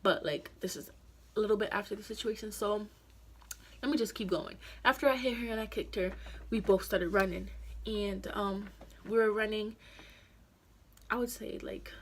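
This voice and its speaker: A young adult woman vlogger retelling a story in a chatty, animated way, full of slang and filler words. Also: mid-range voice, husky. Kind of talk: casual storytime vlog.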